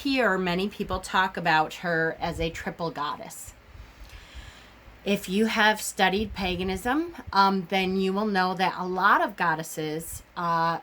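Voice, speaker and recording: A woman with a slightly low voice talks casually to her viewers as the host of a witchcraft channel. She rambles, with frequent ums and restarts. There is a faint hum of room ambience behind her. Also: a bit bright. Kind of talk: casual vlog talk.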